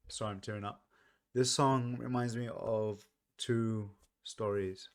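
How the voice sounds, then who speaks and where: A man with a slightly low voice gives casual song commentary. He sounds earnest and soft-spoken, thinking aloud and often stopping to restart a sentence. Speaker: music reaction vlogger.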